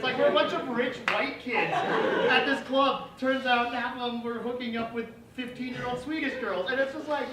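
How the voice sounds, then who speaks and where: A man's voice: extremely high pitch, fairly even intonation, normal speed, a loud crowd. A young man telling a comic story on stage in a casual, profane way, laughing often. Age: young adult. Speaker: student performer. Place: auditorium stage with an audience. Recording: echoey hall, distant mic, noise.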